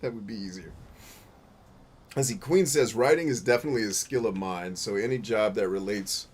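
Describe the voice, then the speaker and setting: A man hosting a gaming show, riffing through casual gameplay commentary, boisterous and playful, full of slang and swearing, with sudden loud outbursts. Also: fairly low pitch, moderate pace, husky. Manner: boisterous and playful, bursts into loud shouts and laughter.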